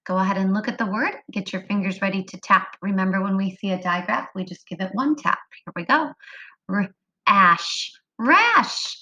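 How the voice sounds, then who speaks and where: A woman teaching a phonics lesson to young children, slow and sing-song, drawing words out. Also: medium pitch, bright, forceful tone, highs cut off. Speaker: kindergarten teacher.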